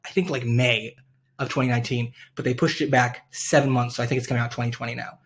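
A man's voice: mid-range voice, fairly even intonation, fast talker. A young man hosting a casual podcast, rambling with many fillers and frequent laughter. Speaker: podcast host. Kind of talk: casual chat.

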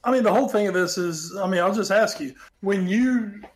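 A man's voice: sits high, fairly quick. A man co-hosting a sports podcast, giving blunt, opinionated takes and laughing at his own jokes. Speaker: podcast co-host. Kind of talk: casual sports chat.

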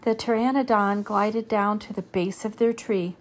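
A woman reading a children's chapter book aloud in a steady storytelling manner. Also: mid-range voice, normal speed. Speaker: reader.

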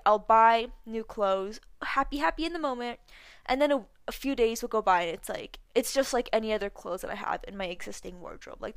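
A woman's voice: on the high side, a bit bright, no echo. A twenty-one-year-old woman hosting a solo podcast, chatting casually with a slight lisp and lots of fillers. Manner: chatty, lots of likes and ums. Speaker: podcast host.

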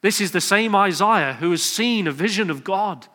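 A man's voice: sits high, animated, moderate pace, sharp tone. A man preaching a sermon in a church, earnest and often building to emphatic, questioning exhortation. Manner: earnest, rising to emphatic exhortation, acting out quoted voices. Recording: reverberant church hall.

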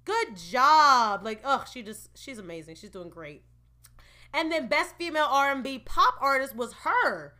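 Woman vlogging, bright voice, kinda high, chatty and opinionated recap. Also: lively intonation, a little slow. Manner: chatty, opinionated, laughing asides. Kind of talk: casual entertainment recap.

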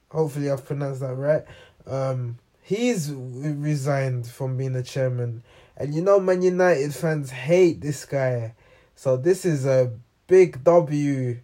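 A man's voice: a little high, mellow. A man hosting a football reaction channel, talking casually and rambling, with many ums and restarts. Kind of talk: casual unscripted commentary.

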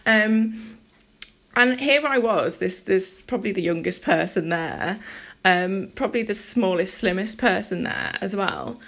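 Gravelly-voiced woman telling a story. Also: medium pitch, measured pace. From near Liverpool, England. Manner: rambling, animated, acts out dialogue. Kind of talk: casual personal storytelling.

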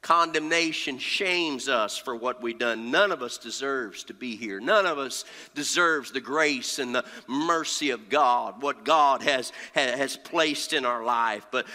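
A man preaching a sermon as pastor, pausing often with "uh" and repeating key phrases for emphasis. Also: mid-range voice, bright, forceful tone. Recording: long reverb of a hall.

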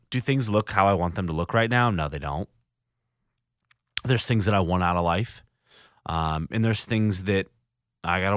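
This podcast host has a low voice with a fairly bright tone, recorded in a studio with no echo. Alone at the mic, he speaks earnestly and reflectively, halting and restarting his sentences often.

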